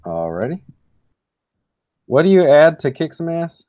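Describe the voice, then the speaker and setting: A man's voice: on the high side, sing-song, unhurried, highs cut off. Tentative man thinking aloud at the table. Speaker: player. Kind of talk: casual tabletop play.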